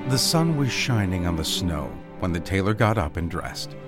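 A man reading a storybook aloud in a gentle, expressive read-aloud manner with soft dips. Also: deep voice, normal speed, loud music behind the voice.

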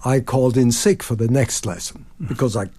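In a storytelling radio interview, a man in his 90s who composes music recounts animated stories, breaking into sung phrases and performing the quotes he repeats. He speaks a little fast, with a mid-range voice that has a breathy edge.

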